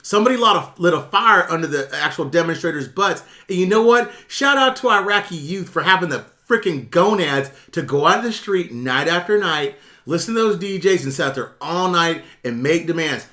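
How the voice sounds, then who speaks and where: Brief: middle-aged man, high bright voice, blunt profane livestream host. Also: expressive, a little fast. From United States. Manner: blunt, profane, reads and answers chat. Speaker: YouTube currency commentator. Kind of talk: casual livestream rant.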